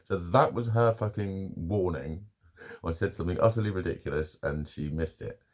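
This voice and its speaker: Brief: middle-aged bloke vlogging, deep husky voice, sweary and chuckling through his stories. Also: normal speed. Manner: swearing, laughing storyteller. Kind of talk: casual chat to camera. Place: at home with his dog.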